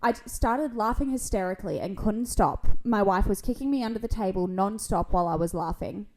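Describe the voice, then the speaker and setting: A woman's voice: mid-range voice, a little fast, a little mellow, slight background noise, low-quality recording. A woman co-hosting a podcast, reading a story aloud and chatting, often amused and laughing as she goes. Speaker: podcast co-host reading stories.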